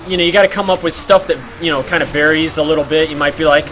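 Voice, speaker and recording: A man's voice: on the high side, steady tone, fast talker, sharp tone, a little hiss or hum. A man streaming a game while telling a rambling story, full of fillers and laughs.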